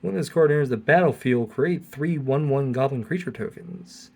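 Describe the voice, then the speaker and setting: A man's voice: mid-range voice, moderate pace, a little mellow. Male host, casual pack-opening commentary, reads cards, wry remarks. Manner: reads card text aloud with wry asides. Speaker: channel host.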